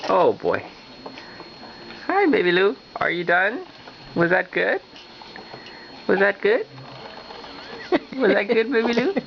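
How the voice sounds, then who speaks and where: A man's voice: high-pitched, very animated, slow, gravelly, pauses often. A man using playful baby talk while feeding a baby at home, laughing often, on a muffled home video with background noise.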